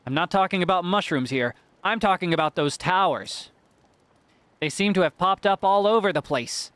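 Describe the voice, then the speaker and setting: A man's voice: sits high, moderate pace, fairly bright tone, clear, resonant tone, no room sound. A man reading aloud the lines of a gloomy wandering male traveler in a game, in a chatty, doom-laden way. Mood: ominous.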